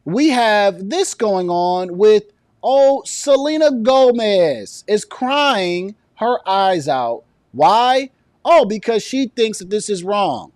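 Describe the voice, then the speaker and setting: A man's voice: sits high, sing-song, takes it slowly, no echo. A man giving a political commentary rant as a vlogger, sounding indignant and sarcastic.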